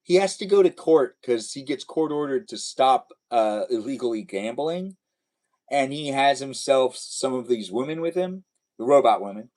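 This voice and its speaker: A man's voice: medium pitch, expressive, normal speed, a little mellow, poor audio. A young man hosting a casual live stream, chatting playfully and answering viewers' comments.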